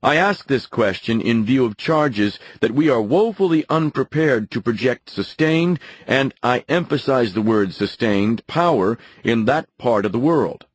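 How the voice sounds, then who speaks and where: A man's voice: mid-range voice, lively intonation, unhurried, hardly any pauses, dry recording, low-quality recording. A man reading the lines of a balding older male newspaper editor who questions pointedly and stresses his words. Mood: stern. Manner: stern questioning, emphatic.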